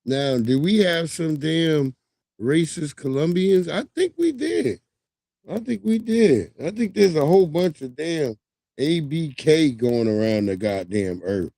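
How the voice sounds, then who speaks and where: Male streamer, 30s, lively swooping delivery, close dry sound, casual profane commentary. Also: on the high side, slow, creaky, dry recording. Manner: loose, profane, animated storytelling. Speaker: livestream host. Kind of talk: casual commentary on news clips.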